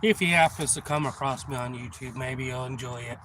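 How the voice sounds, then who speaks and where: A man hosting a live stream, telling a story in a rambling, profane way with lots of fillers, and getting loud when the story turns exciting. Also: mid-range voice, brisk. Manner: gets loud and excited when retelling action. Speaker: channel host. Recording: noisy background.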